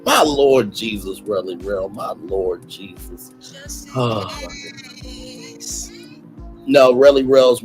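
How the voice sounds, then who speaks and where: A man co-hosting a casual comedic chat, stammering and breaking into laughter. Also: mid-range voice. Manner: animated, stammering, bursts of laughter. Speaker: podcast co-host.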